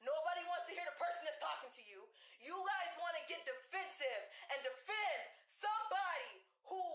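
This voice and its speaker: A woman's voice: sits high, a bit bright. A woman hosting a casual livestream at home, venting emphatically and laughing between phrases, often asking "okay?" and "right?". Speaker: livestream host and dance choreographer. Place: indoors at home, heater on. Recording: roomy echo.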